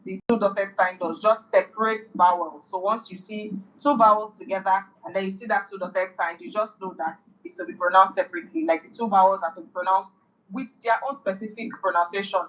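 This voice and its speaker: A woman's voice: medium pitch, steady tone, a little fast, a bit bright, poor audio. A woman tutoring French in a casual one-on-one lesson, patiently repeating and rephrasing.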